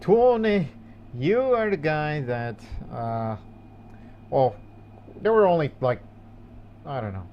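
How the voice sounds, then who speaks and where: A man's voice: medium pitch, big pitch swings, slow pace, long pauses, lo-fi sound, slight background noise. A man rambling through casual, jokey commentary while playing a video game. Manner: rambling and jokey, with many restarts. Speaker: gaming channel host. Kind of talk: casual let's-play commentary.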